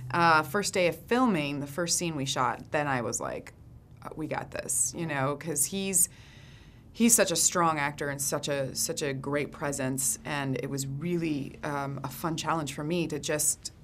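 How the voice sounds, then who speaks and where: Actress guest, low-pitched, chatty and expressive, light noise behind. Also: female voice, a little slow. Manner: animated, laughs easily, acts out quotes. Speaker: actress interviewed. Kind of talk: casual interview chat.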